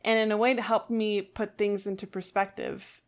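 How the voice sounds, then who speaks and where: A woman's voice: mid-range voice, level tone, moderate pace. A woman co-hosting a podcast in casual chat, thoughtful and hesitant, with frequent fillers and restarts. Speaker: podcast co-host.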